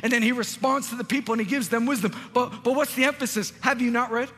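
A male pastor preaching a sermon in a large church, emphatic and repetitive, building up to shouts. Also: extremely high pitch, steady tone, quick pace, slightly rough, big-room sound, faint music behind.

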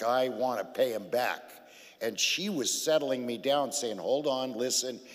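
A man's voice: medium pitch, long reverb tail. A man giving a personal testimony on a church stage, blunt and joking as he tells his side. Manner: blunt, joking, interjects into her story. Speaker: guest speaker telling his story.

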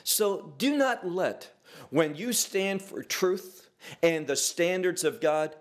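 A man's voice: high-pitched, expressive, slow. A man preaching a sermon, emphatic, asking rhetorical questions and drawing out key words.

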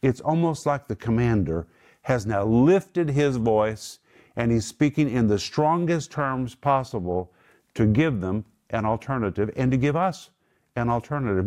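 A man's voice: mid-range voice, unhurried, a little mellow. Emphatic man teaching the Bible. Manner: emphatic, explains words one by one. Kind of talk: Bible teaching in a group discussion.

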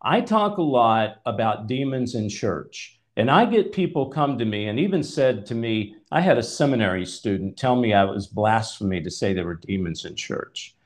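A man's voice: fairly low pitch, expressive, normal speed, hardly any pauses. A man hosting a conversational Bible teaching, emphatic and at times exasperated as he reads scripture aloud. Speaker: host and preacher.

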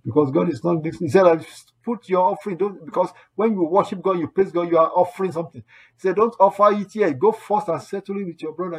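A man's voice: high-pitched, a little mellow, slightly rough. A man preaching a sermon, earnest and exhorting, repeating his points and quoting scripture as he goes. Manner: earnest, repetitive exhortation with quoted asides.

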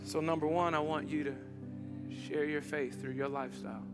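High-voiced preacher swinging loud to hushed. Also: male voice, fairly even intonation, a little fast, loud music behind the voice, a loud crowd. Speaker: pastor. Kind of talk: sermon. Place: church.

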